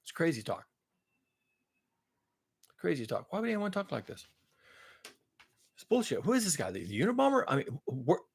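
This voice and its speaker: A man muttering quietly as a dismissive skeptic who scoffs at the idea. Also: high-pitched, big pitch swings, a little fast, hardly any pauses, breathy edge, voice pushed up, heavily acted. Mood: scoffing. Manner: muttered, mocking.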